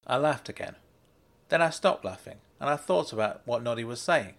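Male narrator, mid-pitched voice, reflective first-person audiobook read. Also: lively intonation, normal speed, gravelly, fairly bright tone.

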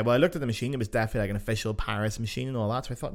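A man's voice: fairly low pitch, racing, hardly any pauses. A young man, hosting a podcast and telling casual stories, swearing freely as he goes. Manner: swears freely, animated anecdotes. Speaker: podcast host. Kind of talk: casual storytelling.

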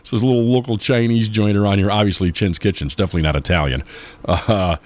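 A man's voice: on the low side, fast talker. A man hosting a polka radio show, chatting casually on air and reminiscing with many fillers and restarts.

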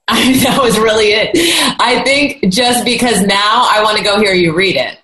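Woman host, tense bright voice, short amused replies, roomy room with a faint hiss. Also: mid-range voice, measured pace. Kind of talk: casual chat.

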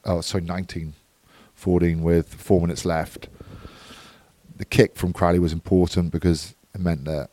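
A man's voice: sits low, level tone, normal speed, dark tone, dry recording. A man co-hosting a podcast, giving a matter-of-fact, analytical match recap in casual chat. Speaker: podcast co-host.

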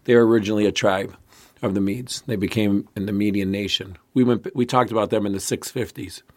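A man's voice: lowish voice, fairly even intonation, brisk. A man co-hosting a casual history podcast, telling the story in a rambling way with many restarts. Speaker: podcast co-host.

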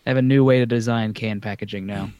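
A man's voice: fairly low pitch, steady tone, fast talker, a little mellow. A man co-hosting a casual podcast, joking around and stumbling over foreign words as he reads out notes. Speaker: podcast co-host. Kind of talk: casual chat.

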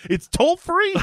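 A man co-hosting a podcast in casual chat, excitable, gasping, laughing and swearing as he talks. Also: very high voice, slight background noise. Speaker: podcast co-host.

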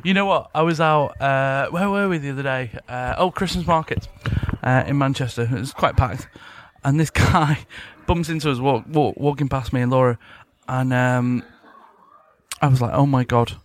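A man's voice: medium pitch, normal speed, slight background noise. A man co-hosting a podcast in a pub, joking and teasing in casual chat. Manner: jokey, teasing. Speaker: podcast co-host.

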